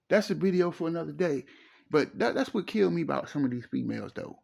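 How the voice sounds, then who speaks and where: A man's voice: a little high, lively intonation, fast, gravelly, a little mellow, husky, lo-fi sound. A middle-aged man, giving preachy, emphatic relationship advice in a casual monologue and repeating his phrases. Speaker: relationship commentator.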